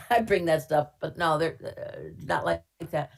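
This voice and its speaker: A low-pitched, gravelly, unhurried voice belongs to an older woman from Minnesota, a casting director. During a chatty webinar interview she tells candid anecdotes from her work with wry humor and plenty of fillers.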